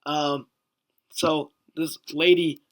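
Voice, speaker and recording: A man's voice: fairly high pitch, level tone, very slow, a bit bright. A man telling a story in a rambling, joking way on a casual vlog, swearing now and then. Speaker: vlogger.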